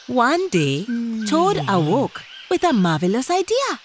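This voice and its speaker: A woman narrating a children's story in a gentle, expressive way, speaking directly to young listeners. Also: a little high, a little slow.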